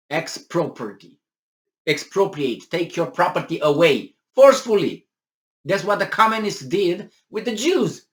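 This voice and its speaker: Indignant man ranting over a news article. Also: fairly high pitch. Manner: animated, indignant, sarcastic, many fillers and restarts. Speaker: commentary video host. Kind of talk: political commentary reading a news article.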